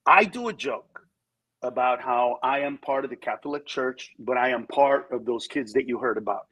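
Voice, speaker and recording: A comedian guest on a talk show, telling candid stories and acting out the people in them. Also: male voice, medium pitch, moderate pace, slightly rough, low-quality recording. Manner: animated storyteller who acts out voices in quotes.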